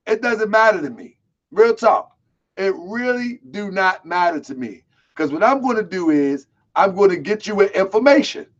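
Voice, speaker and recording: A man from Baltimore hosting a live online show, talking loud, boisterous and streetwise, calling people out. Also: high-pitched, muffled recording. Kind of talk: casual live-stream talk.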